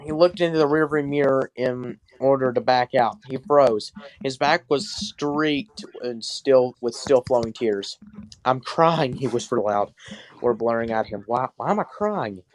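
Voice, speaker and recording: A man's voice: medium pitch, steady tone, a little slow. A man hosting a comedy podcast, reading fan fiction aloud with sarcastic, swearing asides. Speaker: podcast host.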